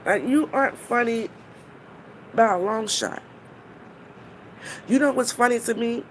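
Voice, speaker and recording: A woman's voice: fairly high pitch, a little slow, a little hiss or hum. A woman on a live stream, talking bluntly and mockingly to her viewers, swearing freely and stopping to greet people in the chat.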